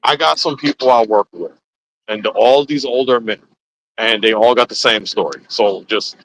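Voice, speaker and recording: Animated man telling stories. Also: medium pitch, moderate pace, dry recording, poor audio. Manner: animated storytelling, voices quoted people. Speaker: host. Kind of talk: casual podcast chat.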